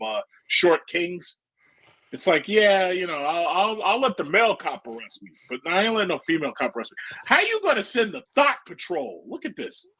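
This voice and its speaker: A man's voice: fairly high pitch, a bit bright, breathy edge. Blunt, profane man reacting on stream. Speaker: stream host. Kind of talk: casual reaction commentary.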